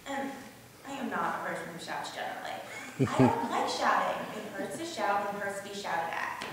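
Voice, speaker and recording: An actress playing a bitter, indignant married woman, delivering a sarcastic stage monologue that swings from hushed to loud, recorded by a distant camera mic on a stage in a large hall. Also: medium pitch, animated, brisk, over a noisy crowd, lightly acted. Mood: indignant rant. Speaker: stage actor performing a monologue. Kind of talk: theatrical monologue. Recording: echoey hall from far off.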